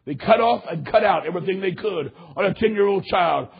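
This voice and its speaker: A male pastor with a high, gravelly, very raspy voice, preaching with fervor. He drops to hushed tones, then rises to shouted, impassioned peaks. The recording is dull and lo-fi. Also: brisk. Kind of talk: sermon with altar call.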